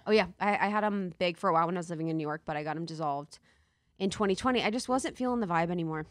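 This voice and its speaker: A woman's voice: on the low side, very fast, no echo, studio quality. A young woman from Ohio hosting a podcast, chatting casually and animatedly, swearing and laughing often. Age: young adult. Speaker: podcast host. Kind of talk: casual chat.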